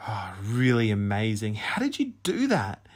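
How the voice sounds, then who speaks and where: A man voicing an excited young schoolboy in an audiobook reading, in a chirpy, eager manner. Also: lowish voice, measured pace, heavily acted. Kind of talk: audiobook character voice.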